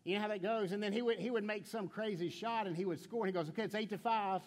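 A man's voice: high voice, fast talker, long reverb tail. A middle-aged man pastor preaching a sermon in a conversational way, with stammered restarts, rhetorical questions and playful stories. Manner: playful storytelling with acted quotes. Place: church sanctuary.

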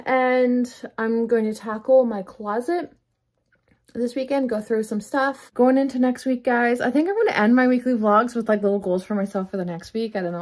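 A Canadian woman in her thirties chatting casually in a home vlog, rambling and laughing often. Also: on the high side. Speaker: vlogger, mom. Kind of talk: casual weekly vlog chat.

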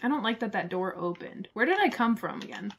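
A young woman streaming a horror game live, excitable, swearing and laughing often. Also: mid-range voice, fairly quick, husky. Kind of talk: live gameplay commentary.

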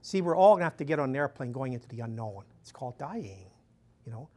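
A man's voice: mid-range voice, sing-song, quick pace, mellow. A man, a missionary priest, giving a conversational talk to a live audience, telling stories and often saying "you know". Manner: chatty, storytelling, acts out quoted dialogue in a raised voice, frequent "you know".

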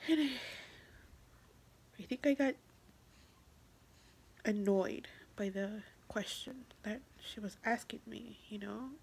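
A young woman vlogger cries through an emotional confessional, halting, repeating herself, and often sinking to a whisper. Her mid-range voice is creaky and husky.

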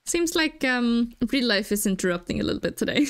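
Giggly gravelly-voiced woman playing a game. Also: a little high, fairly quick. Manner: chatty, giggly, easily excited. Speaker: gaming channel host. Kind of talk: casual game commentary. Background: faint game music.

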